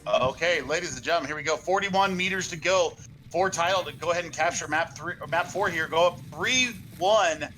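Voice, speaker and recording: A man giving live esports color commentary over an online call, out of breath, excitable and gushing with many fillers. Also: a little high, fairly quick, faint music behind, rough recording.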